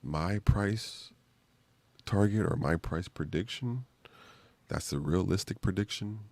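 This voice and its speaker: A man's voice: low-pitched, takes it slowly, creaky, a little mellow, no echo. A man hosting a casual live stream, rambling loosely with slang and lots of fillers.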